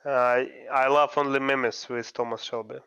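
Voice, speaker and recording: Male co-host, halting non-native English, bright crisp voice, dry close mic. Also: mid-range voice, little pitch movement, dry recording, lo-fi sound. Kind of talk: casual esports chat.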